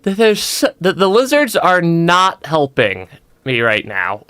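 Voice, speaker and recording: Bright, lively young man streaming a game. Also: on the high side, takes it slowly, clear, resonant tone, dry recording. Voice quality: stammers and restarts often, laughs a lot. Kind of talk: casual let's-play commentary.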